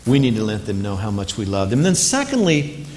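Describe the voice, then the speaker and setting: A man's voice: lowish voice, a little fast, a little hiss or hum. A man preaching a sermon to parents, earnest and emphatic, repeating key phrases and telling stories with energy. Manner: lively storyteller, speeds up in anecdotes. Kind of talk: sermon with storytelling.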